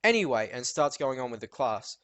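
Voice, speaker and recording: A teenage boy vlogging an animated rant about school, telling stories with lots of fillers and restarts. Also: mid-range voice, fairly quick, no echo. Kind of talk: ranting monologue vlog.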